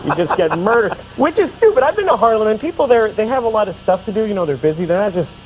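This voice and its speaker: A man with a high, bouncy voice that leaps up and down as he spins comic stories on a talk show. His delivery is animated, full of quick acted-out quotes. The broadcast audio carries a noticeable hiss underneath. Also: low-quality recording. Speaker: talk show guest comedian.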